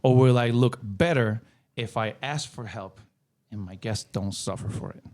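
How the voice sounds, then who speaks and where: A man co-hosting a podcast, speaking in a measured, advice-giving way in casual chat. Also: medium pitch, darkish tone. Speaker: podcast co-host.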